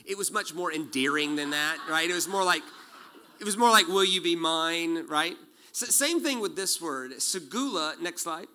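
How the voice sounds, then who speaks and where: A man in his forties preaching a sermon, animated and joking, acting out quotes as he tells stories. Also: on the high side, normal speed, a little hiss or hum. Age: 40s. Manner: animated storytelling with jokes and acted-out quotes. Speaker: pastor.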